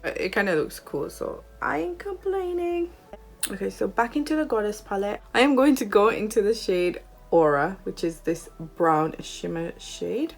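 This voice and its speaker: A woman doing a makeup tutorial, gushing and excitable as she tries eyeshadow shades. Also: mid-range voice, normal speed, vocal fry. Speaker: beauty vlogger.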